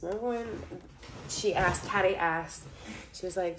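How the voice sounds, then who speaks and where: A young woman chats her way through a tarot reading in a fairly low voice. She giggles and strings her thoughts together with "like" as she lays out the cards. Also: lively intonation, brisk, noisy background. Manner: giggly, chatty, full of "like". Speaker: tarot reader. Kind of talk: casual tarot reading monologue.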